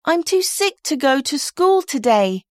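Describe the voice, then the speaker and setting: A woman plays a melodramatic twelve-year-old girl in a recorded poem. The voice sits high and swoops as she pleads and complains. The recording is close and dry. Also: sing-song, unhurried, no room sound. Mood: whiny pleading.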